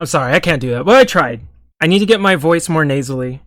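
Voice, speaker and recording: A young man acts as an online commentator, delivering a sarcastic, profane, exasperated rant as a running commentary. His voice is fairly high and a bit bright, animated and fast, with no echo.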